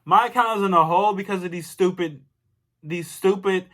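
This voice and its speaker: Young guy, high bright voice, furious storytime vlogger, slangy and repetitive. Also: fairly quick. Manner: angry, exasperated, loose slang, repeats himself. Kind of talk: storytime vlog rant.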